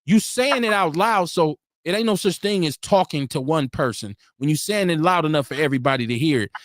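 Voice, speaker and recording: A podcast co-host with a slightly high voice and a fairly quick pace argues his point hard during a heated, casual debate on a live talk stream. He is animated and acts out quotes as he goes, and his remote-stream mic gives a dry, clean studio sound.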